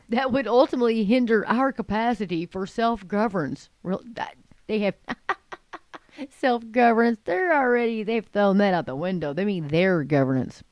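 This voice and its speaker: A woman's voice: mid-range voice, a little mellow, no room sound. Woman host, sarcastic news commentary, dry close sound. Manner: scornful, mocking, addresses viewers as folks. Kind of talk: opinionated commentary reading news.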